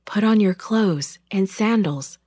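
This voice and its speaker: A heavenly messenger, voiced by a woman storyteller, gives short, hushed orders. The delivery is brisk and commanding, and the dry recording keeps it close and clear. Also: mid-range voice, dry recording. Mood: urgent. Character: urgent heavenly angel messenger.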